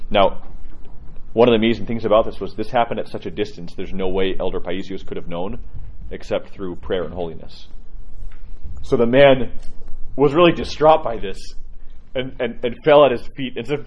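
Priest, male, low voice, informal sermon storytelling with frequent restarts, dull lo-fi recording. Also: brisk, darkish tone. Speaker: Orthodox priest.

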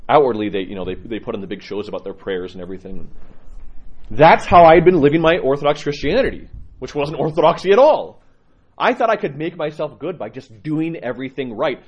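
Middle-aged man, priest, raspy voice, tells stories frankly with lots of restarts, kinda muffled audio. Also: mid-range voice. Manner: candid, laughing, halting restarts. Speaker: Orthodox priest. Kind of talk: personal storytelling talk.

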